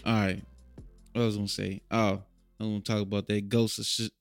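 A man's voice: lowish voice, little pitch movement, a little fast, creaky, no echo, studio quality, soft background music. A young man hosting a casual podcast chat in loose slang, often trailing off and restarting. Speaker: podcast host.

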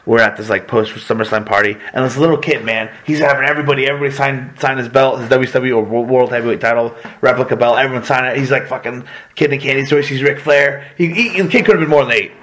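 A man appearing as a wrestling guest on a podcast, telling animated, profane stories in casual chat. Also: mid-range voice. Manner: fast, profane, animated storytelling.

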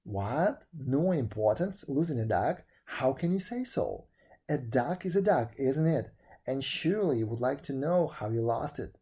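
Man doing a guilty, wailing old miser for a storybook, husky and dark, pushed a bit higher. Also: animated, a little slow. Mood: insistent. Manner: wailing, begging, anxious.

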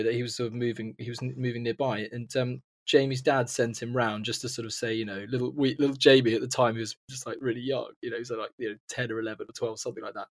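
A man's voice: mid-range voice, no echo. Rambling man telling a joke. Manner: rambling, self-interrupting, laughs often. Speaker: joke teller among friends. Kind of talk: casual chat.

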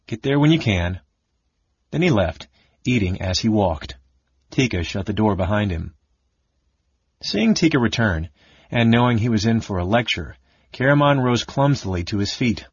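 A man reads a fantasy novel aloud in an expressive, steady way. His voice is low and husky, and the recording is dry and slightly dull, like an older lo-fi audiobook. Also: moderate pace, no echo. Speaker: audiobook narrator. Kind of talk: dramatic fantasy audiobook narration.

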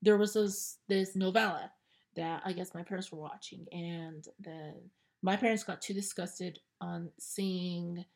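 A woman's voice: lowish voice, fairly even intonation, measured pace, creaky, darkish tone. A woman in her twenties who hosts a podcast and rants bluntly with lots of swearing. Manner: blunt, profane, sassy. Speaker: podcast host reacting to clips. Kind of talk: casual ranting commentary.

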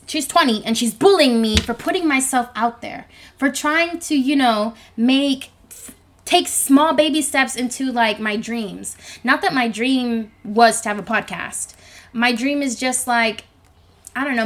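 A woman in her twenties with a high, girlish voice, rambling self-consciously through a solo podcast recorded in her bedroom. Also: fairly bright tone. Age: 20s. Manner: rambling, self-conscious, chatty with frequent fillers. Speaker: podcast host. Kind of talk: solo podcast monologue, casual chat. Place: home bedroom. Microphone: microphone.

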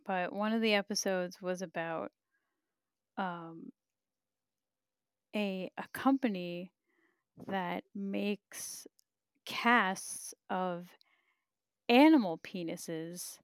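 A woman's voice: medium pitch, very slow, pauses often, clear, resonant tone, no room sound, clean studio sound. A woman hosting a podcast live, chatting casually and candidly, reading viewer comments with frequent laughs and profanity. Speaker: podcast host.

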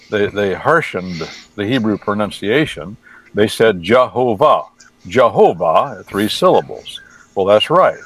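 A man's voice: lowish voice, dry recording, low-quality recording. A man who translates the Bible, talking casually on the radio and teaching with folksy, wry asides.

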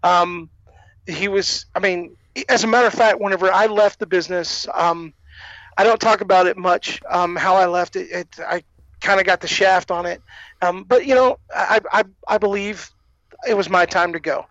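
A man who was a wrestling production manager, telling lively backstage stories as a guest on a podcast interview. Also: sits high, moderate pace, dry recording, dull audio. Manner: animated storyteller who acts out quoted voices. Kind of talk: storytelling anecdotes in a podcast interview.

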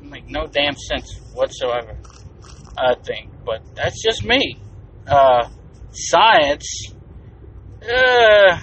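A man hosting his own podcast delivers a blunt, profane, rambling solo rant in a casual way. His voice is on the high side and a bit bright, with lively intonation, very slow delivery, and long pauses. It's captured on a distant, dull lo-fi mic with faint noise.

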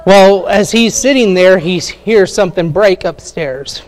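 A man with a high voice preaching a sermon. He talks conversationally, stops often to check in with the congregation, and uses plenty of fillers. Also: unhurried.

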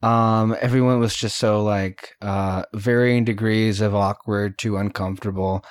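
A man co-hosting a podcast in casual chat, swearing freely and retelling cartoon scenes with quick mock voices. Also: on the low side, steady tone, no room sound, studio quality. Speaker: podcast co-host.

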